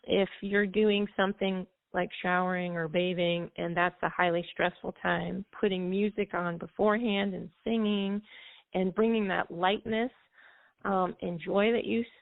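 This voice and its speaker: A woman's voice: on the low side, steady tone, moderate pace, gravelly, no room sound. A woman music therapist explaining things at length in easy flowing talk, with a few fillers, as a guest on a call-in show. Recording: dry phone line.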